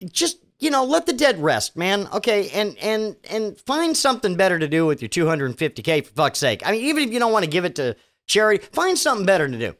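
A man's voice: high voice, big pitch swings, fast talker, a bit bright. A man hosting a solo podcast, reading news items and mocking them with sarcastic, profane asides and stammering restarts. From Virginia. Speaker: podcast host.

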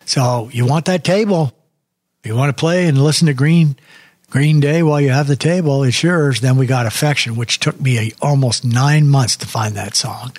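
A man's voice: medium pitch, moderate pace, darkish tone, dry recording. An older man hosting a music show, chatting casually and rambling off on tangents between songs. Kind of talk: casual radio show chat.

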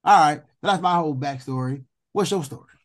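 Young man, co-host; loose, profane, animated storyteller with a somewhat high voice. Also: brisk. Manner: animated, profane, jumps high in pitch when indignant. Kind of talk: casual storytelling chat.

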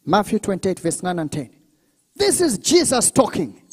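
Preacher guy w a really high voice swinging all over, shouts and prays in tongues mid sermon. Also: very animated, moderate pace, slightly rough, in a large hall. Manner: preaching with call-and-response, bursts of shouting and speaking in tongues. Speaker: pastor. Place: church service.

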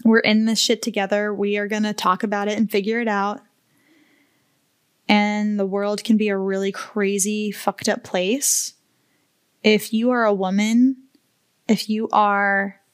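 A woman hosting a solo podcast, talking slowly and candidly with open emotion and casual swearing. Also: medium pitch, clean tone, no echo. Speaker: podcast host. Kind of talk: heartfelt solo podcast talk.

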